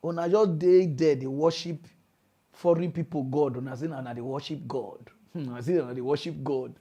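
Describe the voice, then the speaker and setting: Nigerian Pidgin man, high voice, mocking comic rant host. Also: normal speed, breathy edge. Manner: animated, mocking, preachy lecturing. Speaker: comedy news host. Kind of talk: comedic rant.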